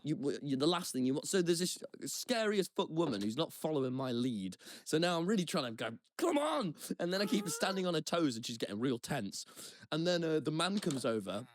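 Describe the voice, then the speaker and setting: Lively young man telling a story. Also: a little high, brisk, no echo, studio quality. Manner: animated, self-deprecating, rambling with restarts. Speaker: podcast co-host. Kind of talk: casual anecdotal storytelling. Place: Brighton.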